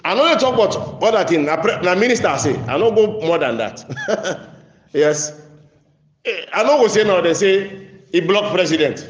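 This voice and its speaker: A man with a Nigerian Pidgin accent preaching a sermon. He recites verses slowly, then explains them in a rising, emphatic voice and drops to quiet asides. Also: high-pitched, big pitch swings. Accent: Nigerian Pidgin English. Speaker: Islamic preacher. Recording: roomy echo.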